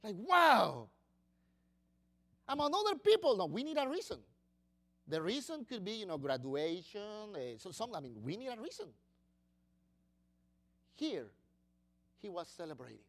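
Animated male preacher. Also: sits high, a little slow, pauses often. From Latin America. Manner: animated, swings between loud bursts and quiet asides. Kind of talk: sermon.

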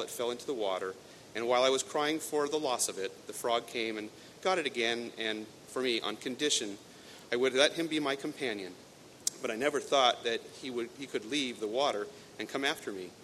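A man's voice: a little fast, fairly bright tone, lightly acted. A man reading a sermon story and voicing a young, weepy, spoiled princess who pleads with a frog. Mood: anxious. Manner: pleading, then dismissive. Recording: echoey hall, faint rumble.

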